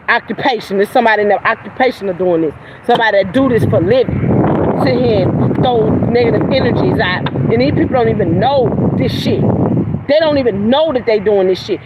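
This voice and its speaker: Profane woman ranting by traffic. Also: quick pace. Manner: profane, confrontational, swinging from loud outbursts to low mutters. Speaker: livestream host. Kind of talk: heated livestream rant. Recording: outdoor traffic noise behind voice.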